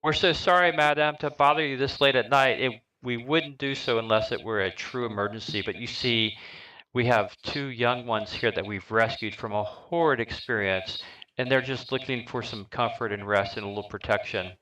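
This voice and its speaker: A man's voice: medium pitch, moderate pace, pushed and bright, close to an everyday voice, poor audio. A man voicing a courteous young woman companion who earnestly pleads for shelter for two children. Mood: pleading.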